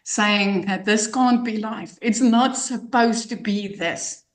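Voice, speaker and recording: A woman with a South African accent giving an emotional, excited testimonial as a guest. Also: mid-range voice, slow, reverberant. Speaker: guest client.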